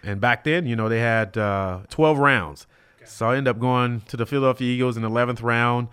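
A man in his fifties from California recounts his playing days as an interview guest in a mid-pitched voice. He talks in a lively way, lifting his pitch and volume sharply whenever he acts out someone else's words. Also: a little fast, clear, resonant tone. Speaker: guest, former pro football player. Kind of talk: storytelling in an interview.

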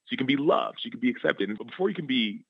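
A man, a former football player turned author, telling personal stories in a radio interview in an earnest, animated way that keeps checking in with "right?". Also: mid-range voice, racing, husky, dry recording, lo-fi sound. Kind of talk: interview storytelling. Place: radio studio.

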